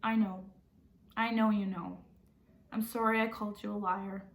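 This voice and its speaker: A woman's voice: mid-range voice, level tone, normal speed, lightly acted. A woman reading as a sad, anxious young boy. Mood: quiet, pleading. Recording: roomy echo.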